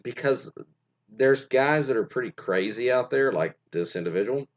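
A man's voice: medium pitch, expressive, moderate pace. A man reading stories aloud and commenting in a rambling, digressive way full of fillers, recorded lo-fi.

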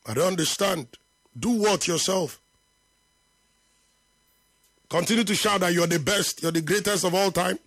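Emphatic man, high voice. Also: a bit bright. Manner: emphatic, repeats points for effect, drops to low slow tones. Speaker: football talk show host. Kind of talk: live football debate and reading viewer comments.

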